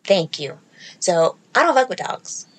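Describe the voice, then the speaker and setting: A woman podcast host telling a comedic story in casual chat, profane and sassy, with animated delivery. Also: fairly low pitch, unhurried. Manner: profane, animated, sassy delivery with mocking baby-talk impressions.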